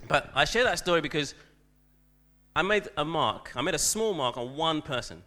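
A man's voice: a little high, animated, normal speed, sharp tone. A man, a teacher, telling a self-deprecating story in a church talk, with frequent restarts.

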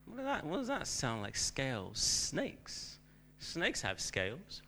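A man's voice: mid-range voice, wildly swooping pitch, normal speed, vocal fry, sharp tone. A man preaching a sermon, talking loosely and hesitantly with lots of ums and uhs. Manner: rambling, hesitant with many fillers.

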